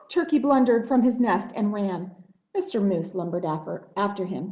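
A woman librarian reading a picture book aloud to children at story time. Her delivery is gentle and expressive, at a medium pitch. The recording has the echo of a roomy library space. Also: moderate pace. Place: public library room. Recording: roomy echoey room.

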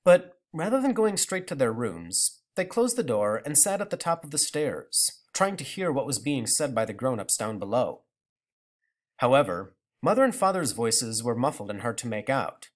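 A man narrating a children's novel as an expressive audiobook reading. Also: medium pitch, moderate pace. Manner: expressive storytelling.

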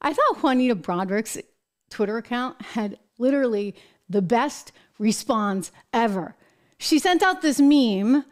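An American woman with a slightly high voice hosts a commentary show. She talks emphatically and with animation, throwing in exasperated asides. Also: animated, measured pace. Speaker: show host. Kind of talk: political commentary.

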